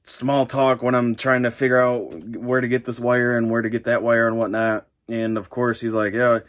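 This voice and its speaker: A man's voice: mid-range voice, flat delivery, moderate pace. A young man vlogging in a rambling, exasperated casual chat, full of fillers.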